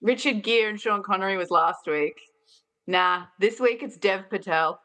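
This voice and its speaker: A woman's voice: mid-range voice, normal speed, sharp tone. A woman co-hosting a film podcast, gushing casually and giggling. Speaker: podcast co-host, school teacher.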